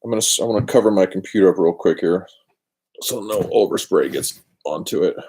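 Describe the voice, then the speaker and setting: A husky, darkish male voice sits low and moves a little fast as he rambles chattily on a craft live stream. He's in a cold garage, poking fun at himself, and a laptop's built-in microphone picks him up.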